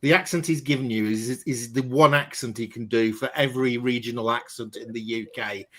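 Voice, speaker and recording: A man's voice: medium pitch, steady tone, brisk. A man co-hosting a podcast, teasing the others dryly in casual banter. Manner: dry teasing. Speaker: podcast co-host.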